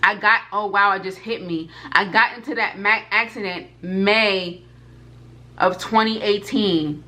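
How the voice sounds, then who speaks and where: A woman's voice: medium pitch, measured pace, pushed and bright. A woman in her twenties tells her personal testimony straight to her viewers, fervent and emphatic, and repeats her points. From United States. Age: 20s. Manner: addresses viewers directly. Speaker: food vlogger.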